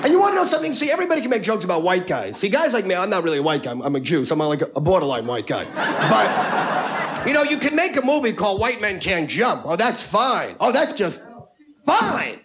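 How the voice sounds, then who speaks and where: Brash, fast-talking male stand-up comic. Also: sits high, very animated, fairly bright tone, slight background noise. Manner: brash, rapid-fire, ranting. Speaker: stand-up comedian. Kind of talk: stand-up comedy set. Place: comedy club stage before a live audience. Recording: lo-fi TV broadcast with audience.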